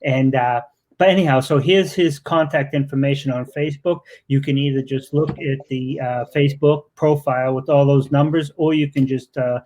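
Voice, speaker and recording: A man's voice: mid-range voice, fairly even intonation, normal speed, darkish tone, slight background noise. A man with a Boston accent hosting a live-stream interview, effusive and joking, with lots of fillers. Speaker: interviewer and show host.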